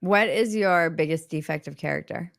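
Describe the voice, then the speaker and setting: A woman's voice: deep voice, moderate pace, gravelly, no echo, studio quality. A woman hosting a podcast interview, chatty and self-deprecating. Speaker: podcast host. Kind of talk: casual interview chat.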